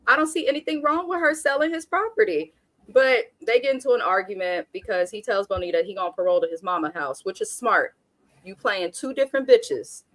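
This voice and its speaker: A woman's voice: fairly high pitch, a bit bright, dry recording. Woman host from Oakland, opinionated and sassy, casual TV recap, dry close sound. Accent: African American Vernacular English speaker from Oakland. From Oakland, California. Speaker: reality TV review host.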